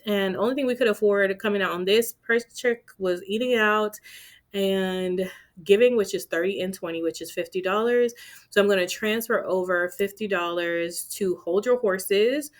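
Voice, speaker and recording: A budgeting vlogger chats casually with viewers as she works through her budget, playful and talkative, with asides to herself. Her voice is mid-range with a fairly bright tone.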